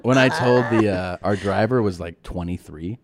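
A man's voice: on the low side, normal speed, crowd noise. A man co-hosting a podcast, telling tour stories in casual chat, laughing often and acting out quoted voices. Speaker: podcast co-host and comedian.

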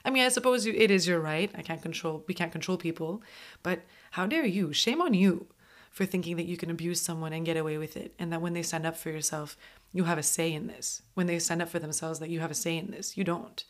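A woman's voice: on the low side, a little fast. A woman hosting an advice talk show, speaking in an earnest, emphatic way and often saying "like". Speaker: podcast host.

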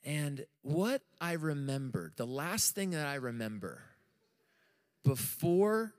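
An American man preaching a sermon to a live congregation, telling stories in an animated, joking way. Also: fairly high pitch, slow pace, long reverb tail. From United States. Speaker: pastor. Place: church room with audience.

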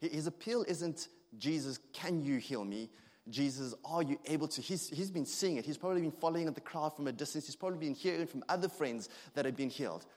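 A man in his thirties preaching a sermon, earnest and halting, with frequent restarts and fillers. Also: a little high, darkish tone. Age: 30s. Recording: long hall reverb.

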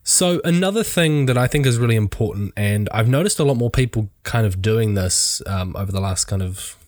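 A man's voice: fairly low pitch, expressive, fairly quick, darkish tone, no room sound, studio quality. A young adult man, a wedding photographer with a sore throat, chatting casually with a rambling, hedging manner. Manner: rambling, hedging, many fillers. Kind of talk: casual podcast chat.

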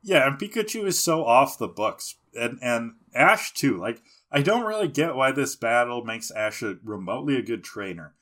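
A man's voice: medium pitch, big pitch swings, normal speed, hardly any pauses, fairly bright tone. A man co-hosting a casual podcast, joking, mocking and laughing often as he talks. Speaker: podcast co-host.

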